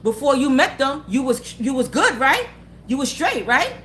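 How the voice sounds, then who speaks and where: In a high, fairly bright voice with big pitch swings at a moderate pace, a woman vlogger delivers an unscripted motivational rant. She's blunt and profane, repeats herself, and repeatedly asks the listener if they're following and agree.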